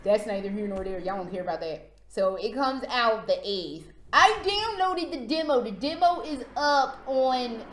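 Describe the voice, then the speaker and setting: A woman's voice: fairly high pitch, expressive, moderate pace, hardly any pauses, fairly bright tone. A woman vlogging about video games in a casual, sarcastic, profane rant. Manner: sarcastic and profane, with frequent laughs. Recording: roomy echo.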